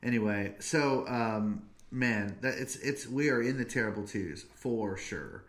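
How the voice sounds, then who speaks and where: A man in his thirties hosting a podcast, chatting casually in a playful, joking way and stretching out his stories. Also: fairly low pitch. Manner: playful and joking, drawn-out storytelling. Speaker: podcast host. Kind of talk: casual chat.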